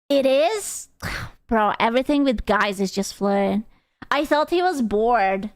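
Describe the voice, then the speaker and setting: A woman streamer casually reads comments and chats, swearing freely, laughing loudly, and feigning outrage. Her fairly high voice is clear and resonant, in a dry, studio-quality recording.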